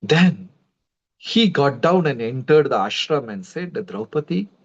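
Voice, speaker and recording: A man, a preacher telling a devotional story in a conversational, animated way and speaking to his viewers. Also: medium pitch, a little slow. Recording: dull lo-fi livestream audio.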